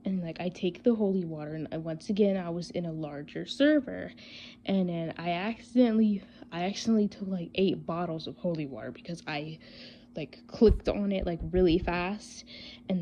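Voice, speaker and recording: Exasperated woman vlogger, rambling storytime delivery, lowish pitch, faint hiss on a dull mic. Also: normal speed, warm tone. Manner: rambling, filler-heavy, exasperated. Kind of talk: casual storytime vlog.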